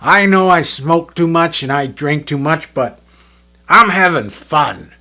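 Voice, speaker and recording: A man putting on a loud, jovial old bandleader. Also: a little high, expressive, takes it slowly, voice pushed up, heavily acted. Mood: boisterous. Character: boisterous older male bandleader, hard-drinking, full of himself.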